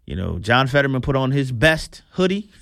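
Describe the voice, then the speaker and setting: A man's voice: mid-range voice, very animated, normal speed, vocal fry, a bit bright, dry recording. A man hosting a political commentary show, talking in a chatty, amused way.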